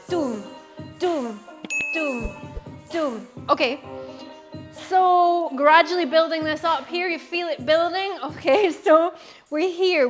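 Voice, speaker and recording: A woman teaching a belly dance class, explaining moves and counting beats aloud with encouragement. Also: high-pitched. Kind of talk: online dance class instruction.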